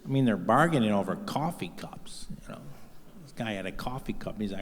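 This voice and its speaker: A man's voice: on the low side, animated, brisk, slight background noise. Rambling, profane stand-up comedian man. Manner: rambling, profane, self-deprecating delivery. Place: stage in a live venue. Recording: live venue with long hall reverb.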